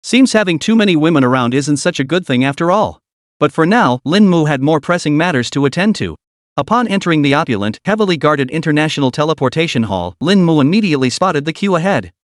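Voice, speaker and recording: A man narrates a fantasy comic story in a scripted, storytelling way. His voice sits a little high and moves up and down a lot. The sound is dry and close. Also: no echo.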